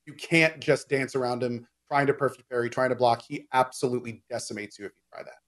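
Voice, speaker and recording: A man's voice: mid-range voice, fairly even intonation, fast, fairly bright tone. Chatty man explaining a game. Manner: explains at length with many fillers and restarts. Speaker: game discussion co-host. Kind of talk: casual gaming chat.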